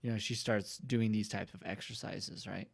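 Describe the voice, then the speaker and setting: A man's voice: lowish voice, steady tone, moderate pace, gravelly, husky. A man appearing as a podcast guest, chatting casually and telling laid-back, loose anecdotes. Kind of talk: casual chat.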